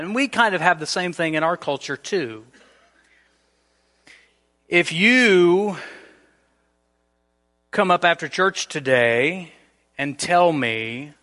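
A man preaching a sermon in a church, explaining scripture and acting out everyday scenes in a lively way. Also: sits high, slow, long pauses, big-room sound. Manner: animated, acts out everyday scenarios. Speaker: pastor. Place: church sanctuary.

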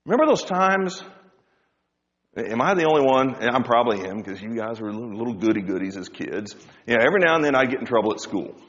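A man's voice: medium pitch, sing-song, fast talker, long reverb tail, highs cut off. A man preaching a sermon as pastor, rising and dropping his voice for emphasis.

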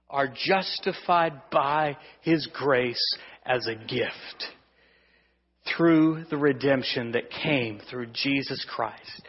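A male pastor preaching a sermon to his congregation, swinging between loud emphasis and hushed, drawn-out lines. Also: medium pitch, husky, big-room sound, muffled recording. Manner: asks the congregation for responses. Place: church sanctuary.

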